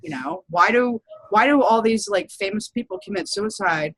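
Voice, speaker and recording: A woman's voice: a little high, sing-song, moderate pace, gravelly, slightly rough, no room sound, low-quality recording. A woman teacher in casual chat, talking in a chatty, laughing and blunt way with frequent swearing.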